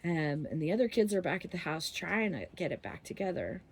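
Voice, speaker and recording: A woman with a somewhat low voice tells a story in a loose, casual way. She rambles, leans on filler words and laughs often as she talks. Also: big pitch swings, fairly quick, breathy edge.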